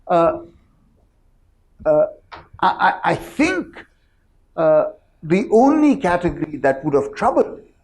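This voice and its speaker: Panelist, slow deliberate speech, expressive pitch, measured and thoughtful. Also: rough recording. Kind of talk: panel discussion.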